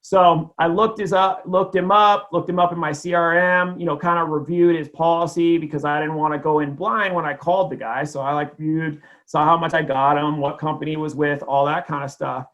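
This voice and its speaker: A man's voice: fairly high pitch, fairly even intonation, a little fast, hardly any pauses, fairly bright tone, muffled recording. A man giving a casual sales training talk, telling a client story in a conversational way with lots of fillers.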